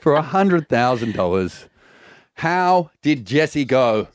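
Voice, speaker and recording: A man's voice: mid-range voice, big pitch swings, takes it slowly, dry recording, studio quality. A man hosting a breakfast radio show, joking and teasing his co-hosts. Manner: teasing, jokey. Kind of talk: playful radio banter.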